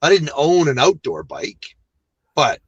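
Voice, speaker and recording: A man, a guest on an interview show, telling a long personal story in a casual, animated and self-deprecating way. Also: on the high side, measured pace, husky, no echo, dull audio.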